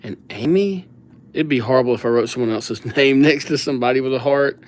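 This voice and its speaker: Speaking a little fast in a mid-range voice, this young man runs a calligraphy livestream. He writes out viewers' names, jokes around, and hands out silly nicknames in relaxed stream chat.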